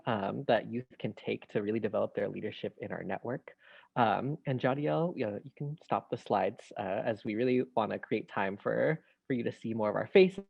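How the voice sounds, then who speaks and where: A man moderates a video call panel, his gravelly voice friendly and hesitant, full of ums. The audio is dull and lo-fi. It is dry, with no room echo. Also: medium pitch.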